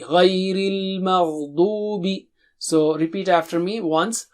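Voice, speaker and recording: High-voiced man drilling Quran syllables. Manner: slow emphatic drilling of syllables, stretched out. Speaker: Quran recitation teacher. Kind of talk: Tajweed lesson with repeat-after-me drills.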